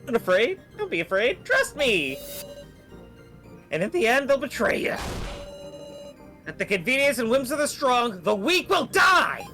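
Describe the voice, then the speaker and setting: A woman's voice: on the high side, wildly swooping pitch, normal speed, pauses often, soft background music, pitched above the performer's own voice. A woman voicing a menacing villain who preaches that the strong survive, delivered theatrically. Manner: theatrical, rising to a shout.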